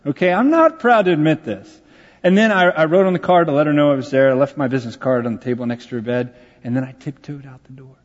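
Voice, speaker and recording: A man's voice: a little high, expressive, quick pace, big-room sound, highs cut off. A man, a pastor telling a personal story in a conversational, self-deprecating sermon. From Texas, USA.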